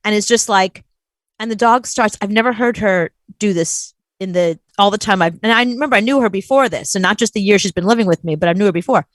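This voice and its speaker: A woman co-hosting a show tells a story in casual chat, animatedly acting out the voices of the people she quotes. Her voice is mid-range and fast, with no echo.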